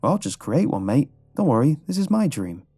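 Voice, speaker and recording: A man voicing a young male patient, a flippant joker in the story, raised and loud. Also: mid-range voice, big pitch swings, moderate pace, husky, soft background music, voice pushed up. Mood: casual joking. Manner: loud, repeated screaming. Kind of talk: storybook horror narration.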